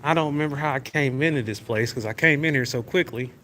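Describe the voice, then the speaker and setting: A man's voice: mid-range voice, quick pace, fairly bright tone. Rambling man livestreaming while walking. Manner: rambling, easygoing, talks to viewers as y'all. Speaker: livestream host. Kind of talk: casual walking livestream chat. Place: large indoor convention venue. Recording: noisy venue background.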